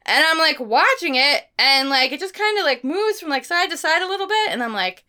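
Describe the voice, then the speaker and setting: Bright, lively woman podcast co-host. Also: high voice, fairly quick. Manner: animated storyteller who laughs often and acts out bits; frequent fillers like "like" and "you know". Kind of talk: casual chat.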